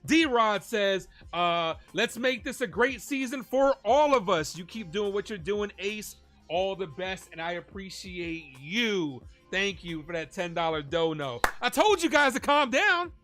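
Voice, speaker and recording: High, bright-voiced excitable man calling baseball. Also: unhurried, hardly any pauses, soft background music. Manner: excitable, cheers and shouts at big plays; chats with viewers and reads donations. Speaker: fan streamer calling play-by-play. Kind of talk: live-stream play-by-play commentary.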